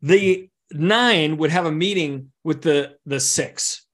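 A man coaching a group through a teaching session, lively and full of quick asides. His voice sits a bit on the high side for a man. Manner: animated, with vivid analogies and asides. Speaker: executive coach. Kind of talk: teaching workshop talk.

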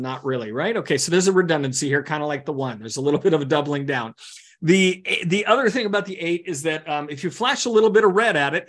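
Animated male coach teaching a workshop. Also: on the high side. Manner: animated, with vivid analogies and asides. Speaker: executive coach.

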